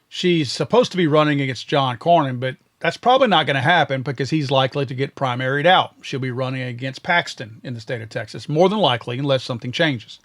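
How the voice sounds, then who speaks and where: A man's voice: a little high, fairly bright tone. A man from Louisiana hosting a podcast, giving blunt and sarcastic political commentary. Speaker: podcast host.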